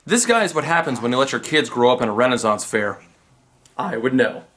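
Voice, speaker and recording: A man narrating a comedic film review with a lively, sarcastic delivery. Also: medium pitch, a little fast.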